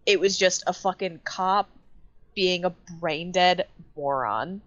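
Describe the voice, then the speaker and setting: A young adult woman co-hosting a podcast, telling an animated story with swearing and lots of fillers. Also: lowish voice, slow, dull audio. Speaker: podcast co-host. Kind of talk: casual chat.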